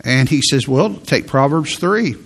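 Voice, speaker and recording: A male preacher, delivering a sermon in a slow, emphatic way and quoting scripture. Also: mid-range voice, expressive, fairly bright tone.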